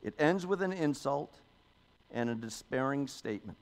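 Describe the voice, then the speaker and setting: A man's voice: medium pitch, animated, moderate pace. A man, a pastor, giving a sermon in a conversational style, often adding "okay?" and "you know", and reading scripture aloud with emphasis.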